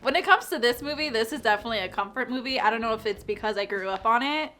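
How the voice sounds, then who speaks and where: A woman's voice: fairly high pitch, lively intonation, quick pace, pushed and bright, slight background noise. A woman hosting a casual chat, blunt and opinionated, swearing now and then. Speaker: host.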